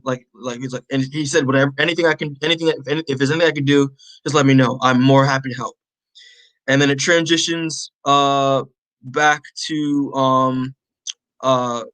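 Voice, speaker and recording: Bright-voiced man recapping a comic. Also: mid-range voice, no room sound, low-quality recording. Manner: rambling, many fillers, acts out characters' lines. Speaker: podcast co-host. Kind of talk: casual comic book recap.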